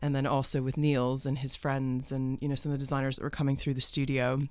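A woman's voice: extremely low pitch, little pitch movement, fast, darkish tone, clean tone, no echo. A woman from the United States with a mixed American and British accent, a podcast guest telling her story in a chatty, rambling way with many fillers, in a podcast studio. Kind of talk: conversational interview.

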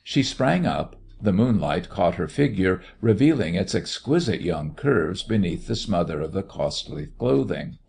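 A man narrating a story in a measured, expressive reading voice. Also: low voice, vocal fry, husky. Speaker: audiobook narrator.

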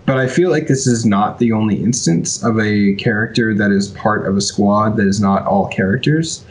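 A man's voice: on the low side, normal speed. A man co-hosting a casual podcast about tabletop game rules, talking to listeners with many hesitations and fillers. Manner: hesitant, filler-heavy, agreeable. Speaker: podcast co-host.

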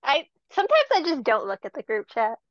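A woman's voice: high-pitched, very animated, fairly quick, no echo, lo-fi sound. A woman sitting in as co-host on a casual podcast, making wry, laughing remarks. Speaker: guest co-host.

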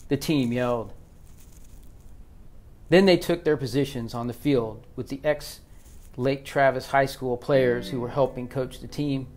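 A man narrating an audiobook at a steady, measured pace. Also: mid-range voice, faint music behind.

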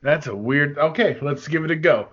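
A man's voice: on the high side, moderate pace, fairly bright tone, dull audio. A man co-hosting a podcast, joking and playful in casual comedy banter, fond of odd words. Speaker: podcast co-host.

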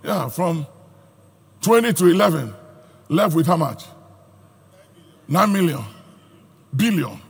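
A pastor preaching a sermon with a raspy voice, rising into shouts and sung phrases. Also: male voice, on the high side, animated, slow, long pauses. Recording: hall reverb with faint music.

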